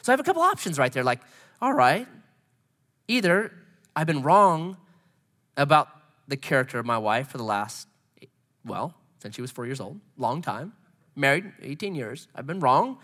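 A pastor in his forties, with a high, pushed, bright voice, preaches a conversational sermon full of stories and acted-out scenes. The recording has a long hall reverb.

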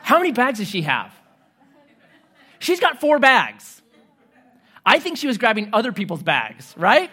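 Animated storytelling male preacher. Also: very high voice, a little slow, long pauses, breathy edge. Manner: animated storytelling, conversational, humorous asides. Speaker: pastor. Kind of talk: sermon.

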